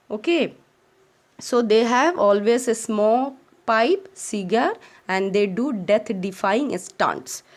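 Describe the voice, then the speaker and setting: Her voice sits on the high side with a slightly mellow quality. An Indian English-accented teacher, she reads a chapter from a textbook aloud for children, explaining it, echoing phrases, and defining terms as she reads.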